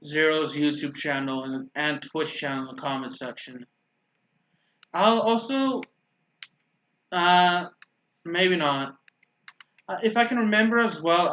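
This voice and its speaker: A man talking his way through a video game in loose, rambling commentary, stumbling over his words and taking things back as he goes. His voice sits a little high for a man and rings with a roomy echo. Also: a bit bright, highs cut off. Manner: rambling, self-correcting, stutters. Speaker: gaming YouTuber. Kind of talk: casual gameplay commentary.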